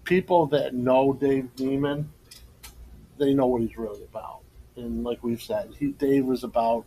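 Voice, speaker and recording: Man, middle-aged, podcast storyteller, laughs a lot, medium pitch. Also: mellow, a little hiss or hum, rough recording. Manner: storytelling, laughs often, emotional tribute. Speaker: co-host and former coach. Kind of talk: casual podcast chat.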